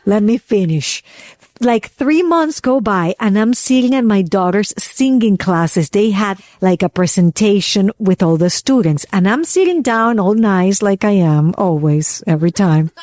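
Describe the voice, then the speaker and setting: A woman co-hosting a wellness podcast shares a story in casual conversation, speaking at a measured pace. She's animated and voices the people she quotes with big leaps in pitch, and the recording is dry.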